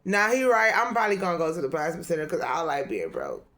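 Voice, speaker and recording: A woman's voice: low-pitched, sing-song, quick pace, a bit bright. Lady tarot reader just rambling to the camera, cussing a lot, laughing along. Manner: profane, loose, laughs often. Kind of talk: casual rambling monologue.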